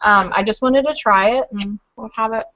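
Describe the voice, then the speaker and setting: A woman's voice: a little high, moderate pace, fairly bright tone, muffled recording, a little hiss or hum. A woman from Louisville chatting casually on a group video call, rambling with lots of fillers. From Louisville, Kentucky. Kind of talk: casual chat.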